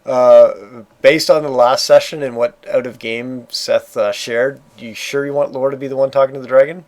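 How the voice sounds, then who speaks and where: A man running a tabletop game as game master, talking in halting bursts full of fillers and restarts. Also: mid-range voice, steady tone, darkish tone.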